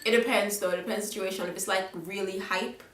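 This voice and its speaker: A woman's voice: medium pitch, fairly even intonation, fairly quick. A young woman with a Jamaican accent gives frank, chatty advice to camera in a casual vlog, often checking in with "okay?". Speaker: vlogger. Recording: roomy echo, a little far from the mic.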